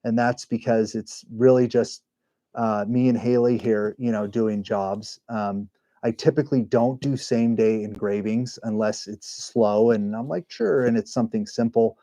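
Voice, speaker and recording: Man, livestream host, warm mellow tone, rambling and chatty. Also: fairly low pitch, fairly even intonation, unhurried, no echo. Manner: rambling, self-correcting, chatty. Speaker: livestream host and engraving business owner. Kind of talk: casual live-stream chat.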